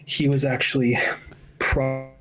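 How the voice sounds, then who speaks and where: A man's voice: medium pitch, monotone, slow, music in the background. A man co-hosting a podcast, chatting casually about films in a rambling, profane way with many fillers. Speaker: podcast co-host. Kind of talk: casual film review chat.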